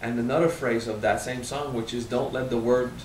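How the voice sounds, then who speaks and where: A man in his thirties with a French accent, speaking at a spiritual seminar, frank and animated, swearing casually and drawing out key words. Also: medium pitch, brisk, roomy sound, recorded from a distance, slight background noise, low-quality recording. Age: 30s. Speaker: spiritual teacher. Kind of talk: seminar talk.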